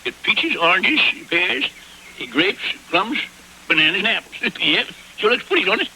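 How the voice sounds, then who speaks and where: An actor playing a scheming, boastful old grandpa farmer who talks in folksy rustic grammar and cackles. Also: male voice, sits high, very animated, moderate pace, bright, forceful tone, slight background noise, full character voice, low-quality recording. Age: older. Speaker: grandfather farmer selling produce. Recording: old TV soundtrack with music.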